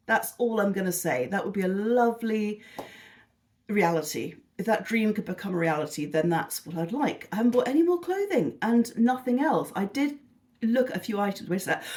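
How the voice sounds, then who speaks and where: A woman's voice: medium pitch, a little mellow. Chatty British woman, rambling and gushing. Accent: British English. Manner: rambling, self-deprecating and gushing. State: tired and lethargic. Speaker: vlogger. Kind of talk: casual chatty haul video.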